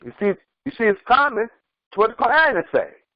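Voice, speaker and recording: A man's voice: extremely high pitch, very animated, fairly quick, no echo, lo-fi sound. A man preaching as an imam, emphatic and repetitive, often restarting his words mid-sentence. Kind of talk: sermon.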